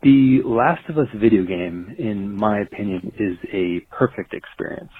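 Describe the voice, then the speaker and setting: A man's voice: fairly low pitch, a little slow, breathy edge. A man leaving an earnest voicemail for a radio show, with a few ums. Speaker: caller. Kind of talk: voicemail message. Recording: tinny phone voicemail.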